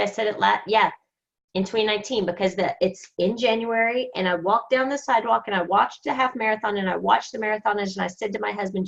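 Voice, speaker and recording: A woman's voice: fairly high pitch, gravelly, dull audio. Fired-up woman coaching over a call. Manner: emphatic, energetic, fired-up. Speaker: book study group leader. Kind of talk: motivational group coaching call.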